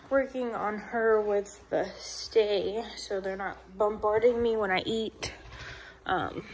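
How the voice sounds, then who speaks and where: A woman's voice: mid-range voice, slow pace, husky. A woman chatting casually to a phone camera at home in a rambling vlog, with lots of fillers. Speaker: vlogger.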